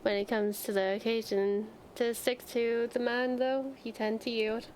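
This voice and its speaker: A woman reading aloud the lines of a brisk, businesslike office manager in a game. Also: on the high side, level tone, a little mellow, slight background noise, natural voice, poor audio. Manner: matter-of-fact, businesslike. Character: brisk office manager reviewing a new hire.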